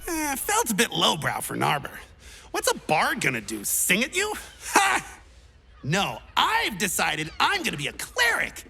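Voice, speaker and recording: A woman voicing an eager, clumsy young male would-be adventurer in a video game, who talks excitably, rambles and stumbles over his words. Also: medium pitch, measured pace, gravelly, husky, heavily acted. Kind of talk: game character dialogue.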